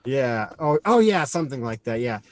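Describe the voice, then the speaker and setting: With a mid-range voice and big swings in pitch, this man co-hosts a podcast and rambles through a movie recap. He performs lines as he goes, tossing in quick asides, and there's no echo.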